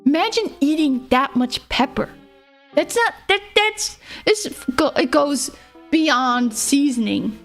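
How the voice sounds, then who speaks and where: A woman's voice: sits high, expressive, slow. A young woman streamer chatting casually, rambling and giggling, who mumbles a little. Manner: rambling, giggly, self-deprecating. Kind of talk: casual livestream chat. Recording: faint music behind.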